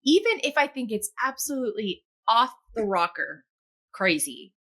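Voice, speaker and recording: Her voice slightly high and very animated at a normal speed, a middle-aged podcast host keeps the interview conversational. She poses reflective questions and backs up her guest warmly, saying "yeah" again and again.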